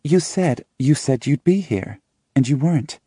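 A man reading a story aloud, voicing a hurt, emotionally drained young woman in a flat monotone. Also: mid-range voice, measured pace, husky, dry recording, studio quality, voice pushed up. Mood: hurt accusing.

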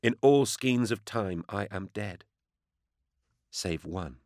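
A man voicing a gentle, sorrowful female saint who speaks softly and solemnly. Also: fairly low pitch, lively intonation, slow, no room sound, clean studio sound. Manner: soft, hushed and solemn.

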